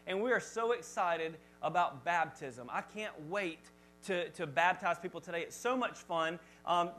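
A male pastor preaching a sermon to his congregation in church, talking in a lively, chatty way and joking with the crowd. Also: sits high, rough recording. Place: church service before a congregation.

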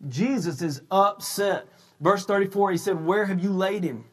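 High-voiced preacher, shouting then casual. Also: male voice, moderate pace. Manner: shouts emphatic points, then drops into casual storytelling; loose, conversational retelling with frequent restarts. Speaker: pastor. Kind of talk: sermon.

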